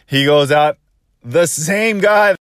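A man's voice: a little high, slow pace, a bit bright, clean tone, dry recording. Rambling man telling a story, dry sound. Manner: rambling, quotes his own thoughts, frequent restarts. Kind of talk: casual first-person storytelling.

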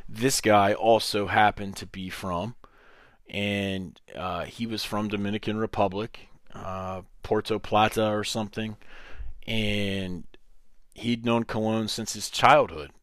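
Low-voiced man telling a story. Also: no room sound, studio quality. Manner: animated, quotes other people in raised voices. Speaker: podcast host. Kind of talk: casual storytelling.

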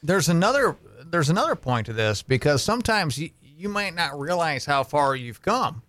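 A woman's voice: sits low, big pitch swings, moderate pace, fairly bright tone, no echo. Thoughtful woman asking follow-ups. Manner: thoughtful, asks follow-up questions. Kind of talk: casual chat.

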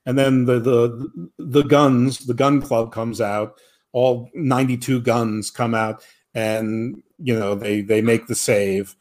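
This is a slow-talking man with a mid-range voice who co-hosts a podcast. He recaps wrestling with rambling sarcasm, becoming animated as he mimics the people he quotes.

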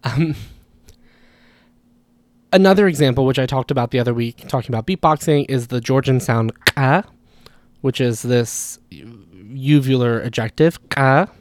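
A man's voice: mid-range voice, fairly quick, few pauses, a little mellow, no room sound. A man hosting a language podcast, talking casually and explaining ideas through spoken examples, often correcting himself as he goes.

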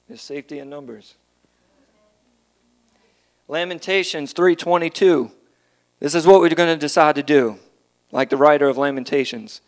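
A man preaching a casual, conversational sermon, moving between quiet asides and loud, emphatic passages. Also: a little high, normal speed, long pauses. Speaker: pastor.

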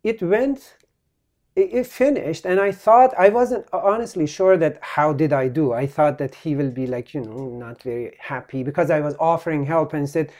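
A male physician telling a story as a podcast guest, halting and full of restarts. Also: fairly high pitch, a little mellow. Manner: halting, with many restarts and trailing phrases.

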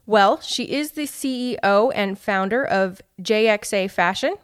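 Give me a chatty woman co-hosting a casual podcast, with a smooth, clear voice, close and dry. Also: mid-range voice, unhurried, dry recording. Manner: chatty, animated, puts on voices when quoting people. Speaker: podcast co-host. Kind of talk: casual chat.

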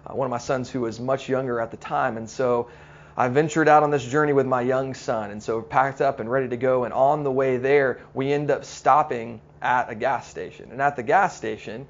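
Gravelly-voiced pastor preaching earnestly. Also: male voice, mid-range voice, lo-fi sound, a little hiss or hum. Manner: storytelling, earnest, slows down for emphasis. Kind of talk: sermon.

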